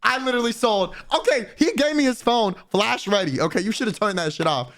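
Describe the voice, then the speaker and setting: Young man, casual streamer chat, profane and slangy, lively swooping pitch, fairly high voice. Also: a little fast. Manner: animated, profane, slangy, quoting people in voices.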